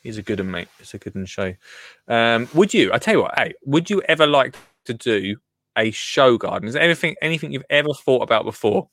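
A man's voice: mid-range voice, big pitch swings, brisk, a bit bright, no echo, studio quality. A man hosting a casual chat, joking around, laughing often and drifting into little rants. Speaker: podcast host.

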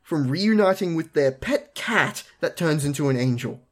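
Animated host retelling a cartoon episode. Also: mid-range voice, moderate pace. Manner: storytelling, acts out characters' lines, laughs and swears. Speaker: podcast co-host, main recapper. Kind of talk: casual episode recap.

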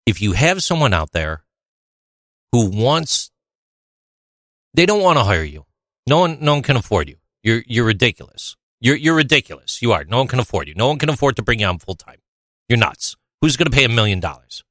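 Lively, rambling male podcast host. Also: medium pitch, fairly quick, no echo, studio quality. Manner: enthusiastic, rambling, teasing praise. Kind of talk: casual podcast chat.

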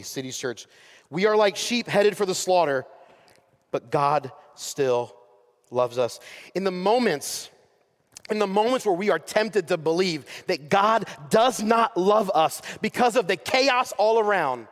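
A man preaching a sermon as pastor, swelling to impassioned peaks and falling to soft, slow pauses. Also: a little high. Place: church sanctuary. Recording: long reverb of a large hall.

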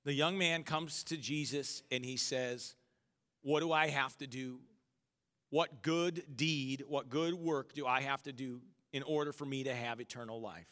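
Bright-voiced preacher man in a reverberant hall. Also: medium pitch, steady tone, measured pace. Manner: conversational preaching with call-and-response to the congregation. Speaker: pastor. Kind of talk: sermon. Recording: long hall reverb with faint music.

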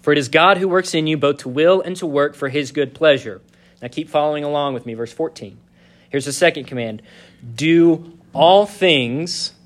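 A male pastor preaching a sermon, reading scripture slowly and leaning on key words. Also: on the high side.

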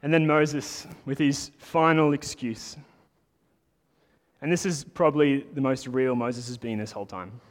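Guy preaching a sermon, mid pitch, super conversational, lots of hall reverb. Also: steady tone, a little slow. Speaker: pastor.

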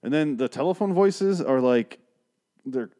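A man's voice: mid-range voice, animated, a little slow, dark tone. A man casually recapping a TV episode, profane, ranting and sarcastic. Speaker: episode reviewer.

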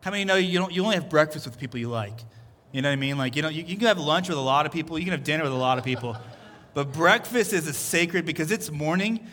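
A man's voice: on the high side, lively intonation, fast, a bit bright. A man preaching a sermon as pastor, earnest and repeating his phrases as he builds each point. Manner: earnest, repeats phrases, voices Jesus in quotes. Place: church service.

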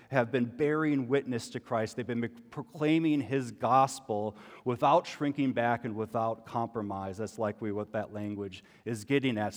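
A man giving a sermon as a pastor, conversational and full of rhetorical questions. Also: mid-range voice. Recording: long hall reverb.

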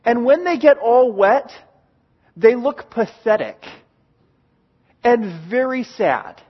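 A man's voice: very high voice, expressive, slow, husky, muffled recording. A pastor preaching a sermon to his church, earnest and emphatic, repeating key phrases for weight. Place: church in Oregon.

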